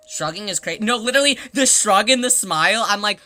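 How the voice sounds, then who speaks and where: A woman streamer in casual livestream chat, rambling through a story with many fillers and breaking into laughing shouts. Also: mid-range voice, lively intonation, a little fast, hardly any pauses, dry recording. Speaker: live streamer.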